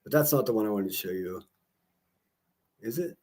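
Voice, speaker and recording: A man's voice: on the low side, animated, moderate pace, darkish tone, breathy edge. A man, livestreaming in casual chat, rambling with profane jokes and asides.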